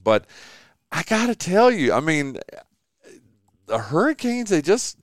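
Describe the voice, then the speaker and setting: A man's voice: on the high side, measured pace, dry recording, clean studio sound. A man hosting a sports radio show from his home man cave, chatting casually and joking with a guest. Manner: animated, joking, lots of fillers and restarts.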